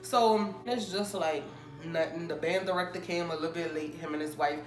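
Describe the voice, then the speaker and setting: A young woman casually telling a storytime, animated and acting out the people she quotes. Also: on the low side, moderate pace, echoey room, faint music behind. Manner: animated, acts out quoted people in raised voices. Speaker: storytime vlogger.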